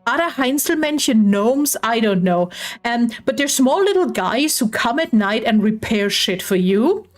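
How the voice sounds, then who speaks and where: A woman from Germany, chatting casually as a podcast host, excitable and swearing freely. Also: a little high, unhurried, faint music behind. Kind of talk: casual chat.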